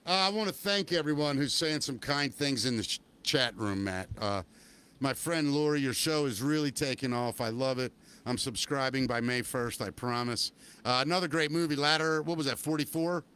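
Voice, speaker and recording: A man's voice: mid-range voice, moderate pace, fairly bright tone, clean tone. A man hosting a casual live talk show, rambling and hedging with upbeat plugs for listeners. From Baltimore, Maryland. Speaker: podcast host.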